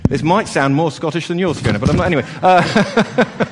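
A man's voice: fairly high pitch, animated, brisk, husky. A man leading an all-age church service, chatty and playful with the children, with lots of fillers and restarts. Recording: long church reverb.

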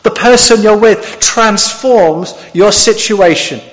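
A man's voice: high-pitched, takes it slowly. A male preacher giving an expository sermon, often asking the congregation questions. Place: church hall. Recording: dull sound with long hall reverb.

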